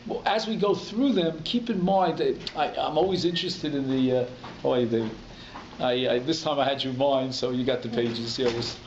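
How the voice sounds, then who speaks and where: A man's voice: mid-range voice, normal speed, roomy sound, dull audio, background noise. A man, a rabbi giving a conversational Talmud class, explaining step by step and restating each term in plain English. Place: community synagogue hall.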